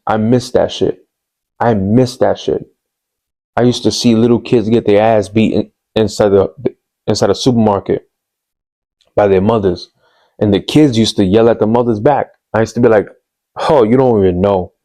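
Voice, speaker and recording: A man's voice: on the low side, steady tone, normal speed, pauses often. A man telling a personal story on his podcast, candid and rambling, with lots of fillers and street slang. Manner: hushed and subdued later on. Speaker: podcast host.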